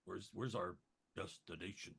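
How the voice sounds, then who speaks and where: A man voicing a puzzled male warrior adventurer who stumbles and repeats himself, a little lower than his own voice. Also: steady tone, normal speed, gravelly, fairly bright tone, slightly rough, full character voice. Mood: confused. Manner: hesitant, stumbling over his words.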